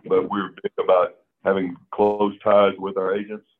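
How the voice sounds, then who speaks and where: Deep-voiced man on a phone-like line. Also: level tone, moderate pace. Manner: plainspoken, earnest storytelling. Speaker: insurance agency owner, guest. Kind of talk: casual interview chat.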